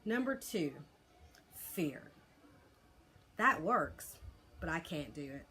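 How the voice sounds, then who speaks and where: A harried young boy hero who yells his commands, then pleads and reasons when they fail, as a woman reading a storybook aloud puts him on. The voice sits low but pushes up and gets loud in his outbursts. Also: sing-song, slow, full character voice. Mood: frustrated.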